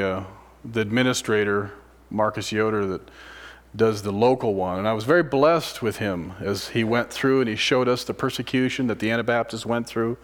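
Dramatic preacher man, loud then hushed. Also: lowish voice. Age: adult, a father of sons. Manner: dramatic, swinging from loud exclamation to hushed near-whisper; asks many rhetorical questions. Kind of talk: sermon.

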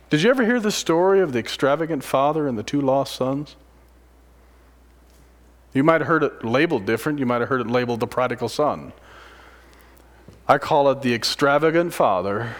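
A man in the middle of a sermon, with a voice of ordinary pitch for a man. He keeps changing his delivery, climbing to loud, excited peaks and then dropping to a near-whisper. He asks his listeners one rhetorical question after another. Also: moderate pace, pauses often. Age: adult, a father of sons. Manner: dramatic, swinging from loud exclamation to hushed near-whisper. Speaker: preacher.

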